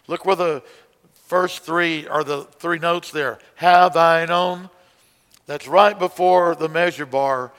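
Man, song-leading teacher, fairly high voice, long hall reverb around him. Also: fairly even intonation, slow, a bit bright. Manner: explains conducting, breaks into hymn singing. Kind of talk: music lesson with singing.

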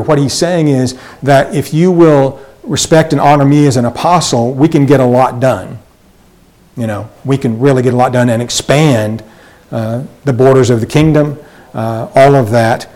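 A man's voice: mid-range voice, fairly even intonation, normal speed, darkish tone, rough recording. A man teaching a Bible study lesson, reading verses and explaining them in a loose, conversational way with many fillers and restarts.

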